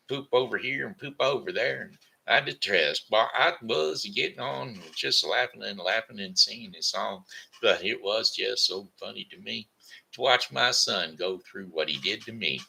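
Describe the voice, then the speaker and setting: A man's voice: on the low side, moderate pace, creaky, sharp tone, husky, poor audio. An older man hosting a live show, reading a bedtime story in a folksy, sing-song rhyming way.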